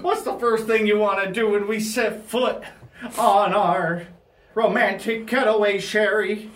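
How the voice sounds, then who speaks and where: A man's voice: high-pitched, fairly even intonation, measured pace, a bit bright, voice pushed up. A man voicing a sentimental 85-year-old husband in an improvised comedy scene, with a raised, fond, old-timey drawl. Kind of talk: improvised comedy role-play. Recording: roomy and a bit distant.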